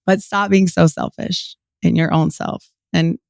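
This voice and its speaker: Gravelly animated woman in her forties. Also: lowish voice, unhurried, no echo, clean studio sound. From Utah. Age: 40s. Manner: animated, quotes people in lively voices, many "like" fillers; laughs often. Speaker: podcast guest. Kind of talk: storytelling interview.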